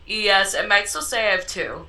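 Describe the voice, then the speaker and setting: A cheerful, eager woman player at a tabletop game. Her voice sits at a middle pitch with a very bright, sharp edge. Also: animated, moderate pace. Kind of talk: casual game chat.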